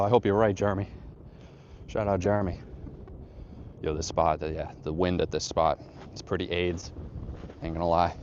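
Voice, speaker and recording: A man with a lowish voice livestreams from a cold, windy mountain trail, chatting with viewers in a loose, profane, joking way. The sound is dull and lo-fi, with a faint wash of wind behind him. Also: darkish tone. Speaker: livestream host reading chat. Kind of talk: casual livestream chat while hiking. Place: outdoors on a snowy windy trail.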